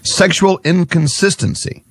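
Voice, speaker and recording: A man's voice: high-pitched, measured pace, slightly rough. A man hosting a morning radio show, joking with co-hosts and reading segments. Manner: lively, joking, reads ads.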